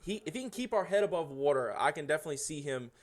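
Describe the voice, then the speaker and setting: A man's voice: fairly high pitch, animated, very fast. A man guesting on a casual sports podcast, often restarting his sentences with repeated words.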